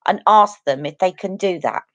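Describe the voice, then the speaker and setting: A woman's voice: on the low side, normal speed, no room sound, dull audio. Chatty woman on a live stream. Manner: chatty, earnest, talks to viewers directly. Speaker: beauty channel host. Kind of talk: casual live-stream chat.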